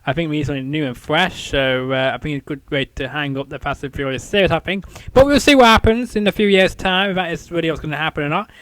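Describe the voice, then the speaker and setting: A man's voice: on the high side, quick pace, hardly any pauses, fairly bright tone. A man hosting a casual interview show, rambling with many fillers and repeated "I think". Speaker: show host.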